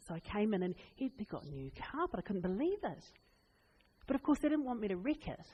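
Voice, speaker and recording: A woman preaching a sermon, telling funny family stories with laughs and lively asides. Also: mid-range voice, a little fast, muffled recording, a little hiss or hum. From New Zealand. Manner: animated, laughing, chatty anecdotes. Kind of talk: humorous storytelling sermon. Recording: long reverb in a hall.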